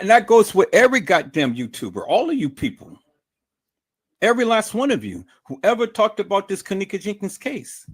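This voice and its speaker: Man, livestream host, angry profane rant, repetitive, fairly high voice, lively swooping pitch.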